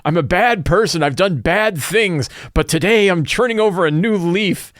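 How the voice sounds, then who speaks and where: A man's voice: high voice, moderate pace, a bit bright, no room sound, studio quality, pitched above the performer's own voice. Man putting on a gushing, remorseful bandit guard. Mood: earnest. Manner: earnest, pouring out regrets. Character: repentant male bandit guard, gushing and confessional.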